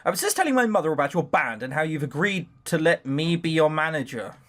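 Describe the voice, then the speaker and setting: A man's voice: a little high, big pitch swings, quick pace, a bit bright. A man voicing a polite young male hotel manager who talks in a nervous, apologetic way. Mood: smooth.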